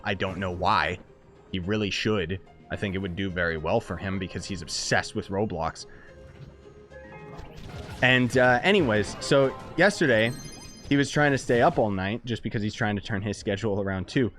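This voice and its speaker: A man live-streaming a game, chatting casually and excitedly with viewers as he plays and rambling between topics. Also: lowish voice, normal speed, soft background music. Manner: excitable, rambling, chats with viewers while playing.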